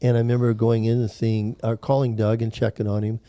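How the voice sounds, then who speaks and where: A man hosting a talk show, telling stories in a lively way and often repeating words as he starts a thought. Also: medium pitch, brisk, clear, resonant tone, no room sound. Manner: animated storyteller, repeats words when starting. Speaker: show host. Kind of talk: casual talk show conversation.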